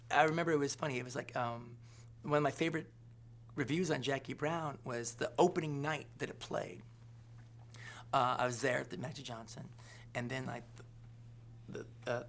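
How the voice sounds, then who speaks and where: In an interview, a male film director rambles through an anecdote, packing it with fillers and repeatedly asking "all right?" His voice sits at medium pitch with a fairly bright tone.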